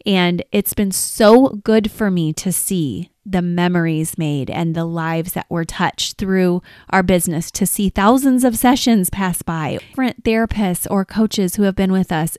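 A woman's voice: on the low side, darkish tone, clean tone, no echo, studio quality. A woman in her forties hosting a podcast, talking casually and from the heart, with lots of "like" and quoted asides. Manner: chatty, heartfelt, many likes and quoted asides. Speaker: podcast host. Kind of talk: casual personal monologue.

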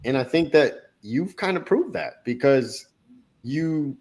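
A man hosting a casual interview, relaxed and encouraging, tossing in "right?" as he talks. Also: a little high, slow. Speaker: podcast host.

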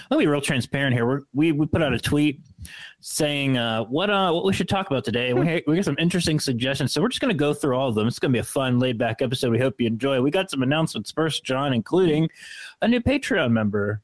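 A man's voice: a little high, expressive, fast talker, no room sound. A man co-hosting a podcast, chatting casually and joking, recorded over a video call. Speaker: podcast co-host. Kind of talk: laid-back podcast chat. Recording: audio ripped from a video call.

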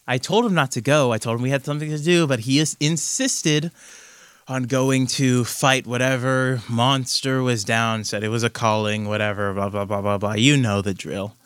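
A man's voice: mid-range voice, fairly even intonation, moderate pace, a bit bright, clean tone, no echo, natural voice. A man voicing an exasperated young pregnant woman.

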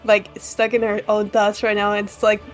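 A woman's voice: medium pitch, completely flat delivery, moderate pace, soft background music. A woman playing a tabletop game, often exclaiming in disbelief. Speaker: player. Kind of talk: casual tabletop play.

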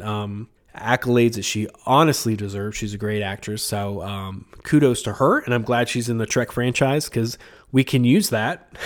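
A man hosting a podcast in casual chat, talking with a sick, congested voice and rambling with many fillers and chuckles. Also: medium pitch. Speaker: podcast host.

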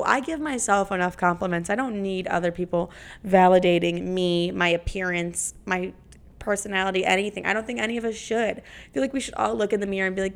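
A young woman hosting a podcast, talking in a brash, profane, dramatic way. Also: medium pitch. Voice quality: creaky. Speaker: podcast host. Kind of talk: casual podcast monologue.

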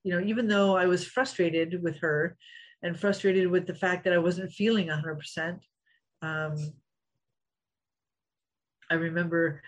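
A woman's voice: on the low side, poor audio. A middle-aged woman, a former fighter, telling stories in an interview, acting out quotes and laughing often. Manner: animated storyteller, acts out quotes, laughs often. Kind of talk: storytelling interview.

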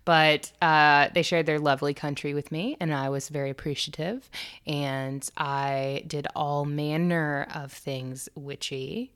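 A young American woman with a low voice and a bright, forceful edge, co-hosting a podcast. She talks loosely and casually, jokes crudely and swears freely. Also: flat delivery, measured pace, clear, resonant tone. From United States. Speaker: podcast co-host. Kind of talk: casual chat.

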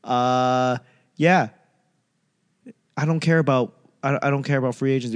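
A man's voice: medium pitch, steady tone, moderate pace, pauses often, smooth. A man hosting a casual solo talk show, ranting on tangents with profanity and sarcastic mimicry. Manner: rambling tangents. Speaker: solo podcast host.

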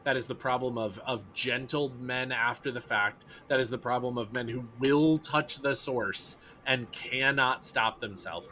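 A man's voice: mid-range voice, measured pace, few pauses, bright, forceful tone, a little hiss or hum. A man co-hosting a podcast, talking in an emphatic, opinionated casual chat. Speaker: podcast co-host.

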